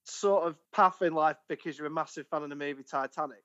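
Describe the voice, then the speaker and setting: A man's voice: fairly high pitch, fast, a bit bright, muffled recording. A man co-hosting a podcast, full of jokey, teasing banter. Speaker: podcast co-host. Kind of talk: casual chat.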